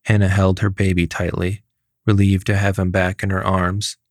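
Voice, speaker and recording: A man narrating a fairy tale in a steady, even storytelling manner. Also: sits low, moderate pace, no room sound, clean studio sound. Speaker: story reader.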